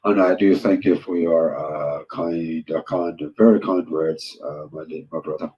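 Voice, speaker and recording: A man with a very low, dark, mellow voice chats casually on a livestream, hesitant and rambling with plenty of filler words. His greetings to viewers come out in louder, upbeat bursts. The home audio sounds slightly muffled. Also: fairly even intonation, measured pace.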